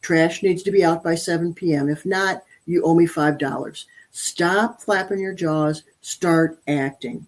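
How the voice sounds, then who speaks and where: A woman's voice: low-pitched, fairly even intonation, normal speed, hardly any pauses, a little mellow. A woman guest in a casual interview, blunt and emphatic, acting out her own inner voice as she talks about parenting.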